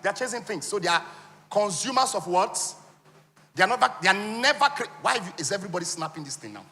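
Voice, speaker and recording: Man, Nigerian accent, bright forceful voice, slightly high, call-and-response teaching, reverberant hall. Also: fast. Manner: animated, quizzes the audience with call-and-response questions; teasing, humorous asides. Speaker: conference speaker teaching on wealth. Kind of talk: interactive teaching talk with slides.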